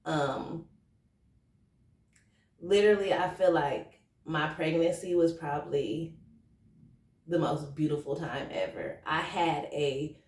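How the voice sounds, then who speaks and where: A woman's voice: sits low, slow, pauses often, distant mic. Chatty woman vlogger in an echoey room. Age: 30s. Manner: chatty, animated, slangy, emotional. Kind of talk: casual storytelling to camera. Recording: roomy echo, from off the mic.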